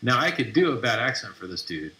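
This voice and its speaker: A man's voice: medium pitch, very animated, a little fast, pushed and bright, a little hiss or hum. A man hosting a live stream, brashly mocking and trash talking as he reads through posts. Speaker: livestream host. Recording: roomy echoey room.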